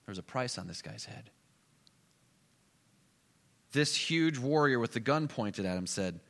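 Animated preacher in an echoing hall. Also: male voice, medium pitch, a little slow, creaky, pauses often. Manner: animated, swings between loud bursts and hushed asides. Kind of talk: storytelling sermon. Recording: echoey hall.

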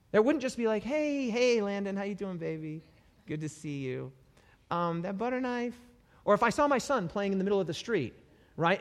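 A man preaching a sermon in an animated way, often repeating words for emphasis. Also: high-pitched, long reverb tail.

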